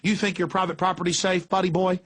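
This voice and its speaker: A man's voice: high voice, flat delivery, fast talker, fairly bright tone. A middle-aged man hosting political talk radio, ranting in a fiery, emphatic way. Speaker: radio talk show host.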